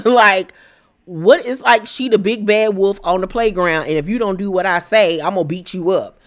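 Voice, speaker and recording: A woman recapping a reality show episode in a sassy, animated way, acting out quotes with shifting pitch. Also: moderate pace.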